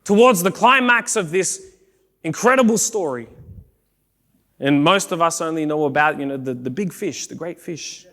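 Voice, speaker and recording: A male pastor preaching a sermon in a church, animated, acting out the people he quotes and rising to shouts. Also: extremely high pitch. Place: church sanctuary.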